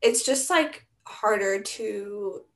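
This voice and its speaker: A woman's voice: medium pitch, slow pace. A young woman co-hosting a podcast, chatting casually and choosing her words with care. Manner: thoughtful, careful, hedging. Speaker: podcast co-host. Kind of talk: casual chat.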